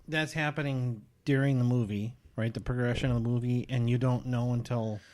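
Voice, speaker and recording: A man's voice: medium pitch, fairly even intonation, brisk, a little mellow. A man co-hosting a podcast who asks follow-up questions and makes dry quips. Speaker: podcast co-host. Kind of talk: casual chat.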